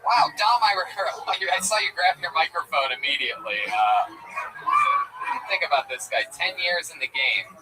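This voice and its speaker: A man hosting a live comedy show, roasting the comics with loud, profane banter. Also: fairly high pitch, animated, normal speed, distant mic, background noise.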